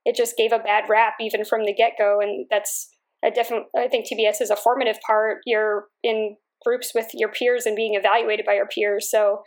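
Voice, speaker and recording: A woman Marine Corps aviator, answering interview questions in a measured, reflective way with frequent fillers. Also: medium pitch, flat delivery.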